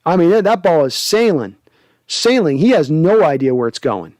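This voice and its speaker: Chatty higher-voiced male livestream host. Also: moderate pace, no echo. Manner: animated, jokey, reads chat aloud. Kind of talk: casual livestream chat reading viewer comments.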